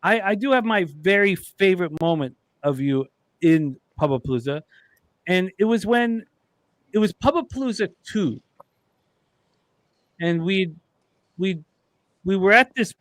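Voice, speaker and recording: A man's voice: sits high, animated, unhurried, long pauses, no echo. A man, co-hosting a sports chat and telling a rambling, profane story with laughs. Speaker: podcast co-host.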